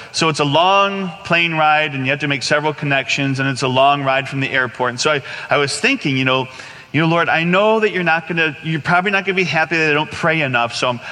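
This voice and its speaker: A priest giving a conversational, earnest sermon and telling a personal story, with many restarts and asides. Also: male voice, on the high side, sharp tone, big-room sound.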